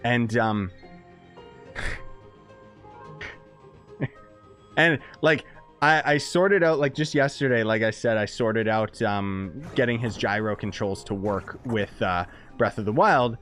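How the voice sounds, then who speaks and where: A man live-streaming a game, chatting casually and excitedly with viewers as he plays and rambling between topics. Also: lowish voice, slow pace, pauses often, faint music behind. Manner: excitable, rambling, chats with viewers while playing.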